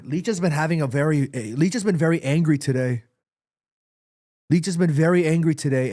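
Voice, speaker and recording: A man commentating live on a football match for his stream, reacting excitedly and shouting at players. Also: a little high, dry recording, clean studio sound. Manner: repeats himself, quick restarts. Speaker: watchalong streamer.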